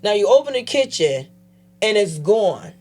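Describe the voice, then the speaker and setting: A woman guest telling her personal story in a casual interview, animatedly acting out other people's voices and dropping quiet when she turns serious. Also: medium pitch, unhurried. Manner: animated, acts out quoted voices. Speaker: guest, advocate.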